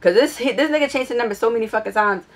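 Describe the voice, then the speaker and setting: A woman vlogger telling a casual story in a blunt, profane, animated way. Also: a little high, fast talker.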